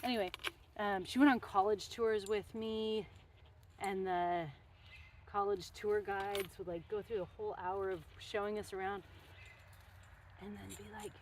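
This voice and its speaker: A woman's voice: mid-range voice, steady tone, measured pace, pauses often, darkish tone, slight background noise. A young woman telling rambling stories in a casual, chatty way while working on a fence outdoors. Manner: rambling, chatty, with many fillers and asides.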